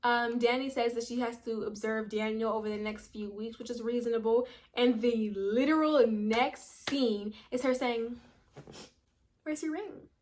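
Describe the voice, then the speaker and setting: A woman's voice: on the high side, fairly even intonation, normal speed, few pauses, darkish tone. Chatty young woman recapping a show. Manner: chatty, slangy, acts out quotes. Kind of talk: casual recap commentary.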